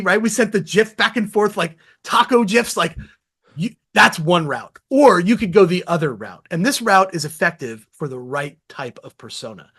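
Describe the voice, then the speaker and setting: Upbeat guy chatting about his work, a bit high pitched, loose and slangy, lots of energy. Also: normal speed, slightly rough. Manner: energetic, animated storytelling with laughs; casual, slangy and candid. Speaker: sales podcast host as guest. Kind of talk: casual conversational interview.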